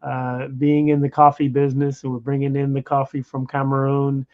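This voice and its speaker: A man's voice: medium pitch, monotone, moderate pace. Guy hosting an interview, easygoing, lots of "you know", kinda muffled lo-fi audio. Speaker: host. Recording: dull lo-fi sound.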